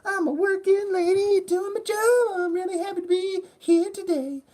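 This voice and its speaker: A man voicing a cheerful working woman at the office in a very high, sing-song falsetto. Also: fairly even intonation, normal speed, a little mellow. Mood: chirpy. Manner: sing-song, relentlessly upbeat.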